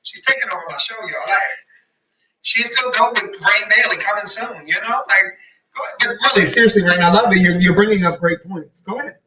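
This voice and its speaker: A woman hosting a motivational talk show, chatting in an animated, playful and teasing way. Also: mid-range voice, a little fast, recorded from a distance, low-quality recording. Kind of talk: casual motivational chat.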